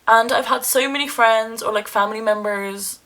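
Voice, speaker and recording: Bright-voiced young woman vlogging candidly. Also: fairly high pitch, moderate pace. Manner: candid, rambling and self-deprecating. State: emotional, near tears. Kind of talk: casual vlog monologue.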